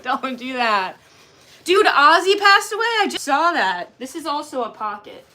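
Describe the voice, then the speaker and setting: A woman's voice: sits high, very animated, normal speed, bright, forceful tone. A woman livestreamer reading and answering chat in a jokey, crude, casual way. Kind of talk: casual live-stream chat.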